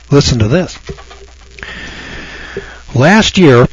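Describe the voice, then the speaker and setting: A man's voice: mid-range voice, expressive, measured pace, pauses often, slightly rough. A man giving a folksy classroom lecture, stammering at times and growing heated when he makes a point. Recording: dull lo-fi recording.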